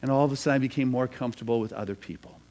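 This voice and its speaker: A man voicing a kind, calm wise man who speaks in a gentle, reassuring way. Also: medium pitch, racing, close to an everyday voice. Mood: candid.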